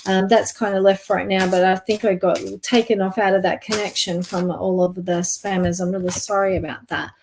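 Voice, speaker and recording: A soft-spoken woman gives a live psychic reading online. She speaks gently and hesitantly, pausing on fillers as she goes. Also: medium pitch, level tone, slight background noise. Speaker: psychic reader.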